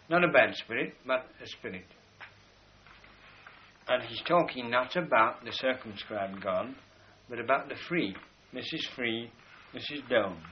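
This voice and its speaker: A man's voice: medium pitch, a little hiss or hum. Man lecturing on an old lo-fi tape. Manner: measured, explanatory, slows to stress key words. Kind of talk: spoken lecture with drawings.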